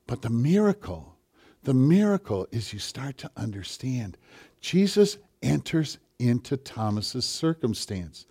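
A male pastor preaching a sermon with passion, swinging from forceful declarations to hushed, intimate asides. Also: mid-range voice, big pitch swings, a little slow, slightly rough.

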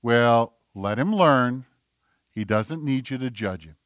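A man acting out God as a gentle, patient fatherly figure, speaking softly and lower than his own voice. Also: animated, slow, no room sound. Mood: calm.

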